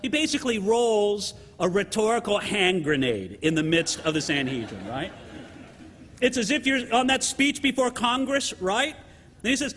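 A man preaching a sermon to his congregation in an animated way, often checking in with the listeners by asking "right?". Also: high-pitched, normal speed, long reverb tail. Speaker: pastor.

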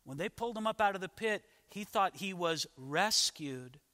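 A male pastor preaching a sermon, telling the story dramatically with rhetorical questions and swings between loud and hushed. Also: high-pitched, lively intonation, normal speed, in a large hall.

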